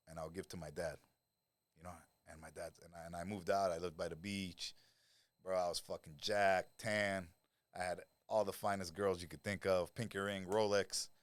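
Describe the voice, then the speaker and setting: A man with a very low voice tells his past in a rough, profane street manner, picked up close by a studio mic in a dry room with no echo. He is a guest on a podcast and sounds to be in his forties. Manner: blunt, profane street talk. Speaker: interview guest. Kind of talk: storytelling interview.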